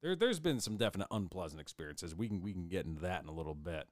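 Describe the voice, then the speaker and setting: A man's voice: low-pitched, animated, fast, no echo, clean studio sound. A man co-hosting a podcast, rambling casually with frequent fillers and swearing. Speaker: podcast co-host. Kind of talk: casual chat.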